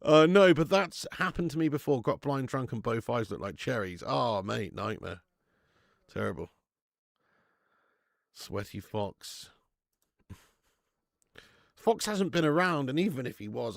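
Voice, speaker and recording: A man's voice: medium pitch, animated, a little slow, vocal fry, pauses often, no room sound, studio quality. A man hosting a live football watch-along, chatting and bantering with viewers, laughing often and calling out names from the chat. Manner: chatty, banter-heavy, laughs a lot, greets chat by name.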